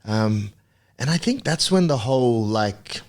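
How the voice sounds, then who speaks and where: A man in his thirties from Papua New Guinea, a podcast guest telling his story in a relaxed, reflective way with many ums and restarts. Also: mid-range voice, measured pace. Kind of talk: casual interview chat.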